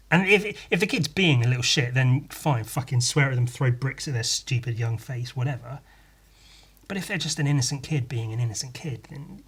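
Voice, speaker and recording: A man's voice: mid-range voice, breathy edge. A man hosting a podcast on his own, rambling through a story in a sweary, self-deprecating way with lots of restarts. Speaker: podcast host. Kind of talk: casual solo podcast monologue.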